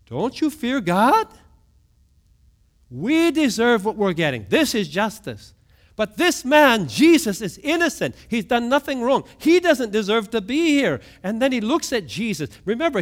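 Man, pastor, sermon, high voice, very animated delivery, rhetorical questions. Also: measured pace. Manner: preaching with dramatic swings between soft low lines and raised outbursts; asks the congregation questions.

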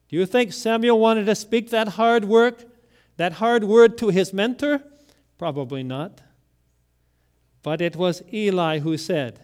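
Male pastor, sermon delivery, high voice, unhurried, dramatic loud-to-hushed swings. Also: animated, clean tone. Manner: deliberate, with dramatic swings between loud emphasis and near-whispered lines.

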